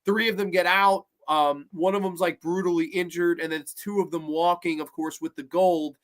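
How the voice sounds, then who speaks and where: A man's voice: sits high, steady tone, normal speed, fairly bright tone. A man hosting a casual review podcast, enthusiastic and swearing freely as he chats. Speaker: podcast host.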